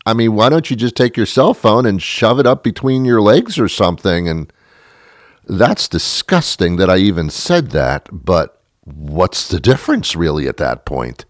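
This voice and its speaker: A man telling a ranting comic story, mocking himself and swinging from loud outbursts to mutters. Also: on the low side, sing-song, moderate pace, no room sound, clean studio sound. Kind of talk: comedic storytelling monologue.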